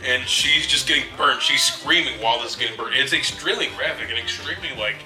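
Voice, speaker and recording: A man's voice: medium pitch, fast, sharp tone. A man co-hosting a casual movie review, retelling scenes and chuckling often. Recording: roomy and distant, with music behind.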